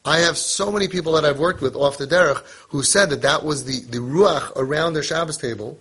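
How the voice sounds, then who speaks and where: A man's voice: fairly high pitch, brisk, a bit bright, breathy edge. A middle-aged man teaching a casual parenting lesson, mixing Hebrew and Yiddish terms into his conversational talk.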